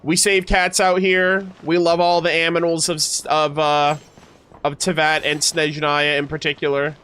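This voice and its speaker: A man streaming a game, reacting and joking excitedly with his chat as he plays. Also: fairly high pitch, moderate pace, smooth. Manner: excitable, jokey, talks to chat. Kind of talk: casual gameplay reaction commentary. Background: faint game music.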